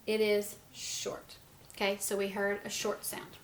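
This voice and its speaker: A woman teaching a phonics lesson to young children, sounding out words letter by letter and gently encouraging them. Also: mid-range voice, completely flat delivery, a little slow, slight background noise. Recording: echoey room with faint ambience.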